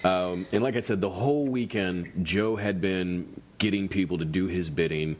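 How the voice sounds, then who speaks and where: A man's voice: sits low, normal speed, a little mellow. Profane laughing man telling a story. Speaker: podcast host. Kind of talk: casual storytelling chat.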